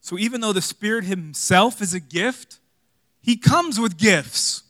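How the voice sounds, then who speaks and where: A man preaches with a bright, forceful, slightly high voice. He swings between emphatic loud lines and hushed, confiding asides, full of rhetorical questions and light jokes. The sound is dry and close. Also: animated, a little slow, no echo. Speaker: pastor. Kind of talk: sermon.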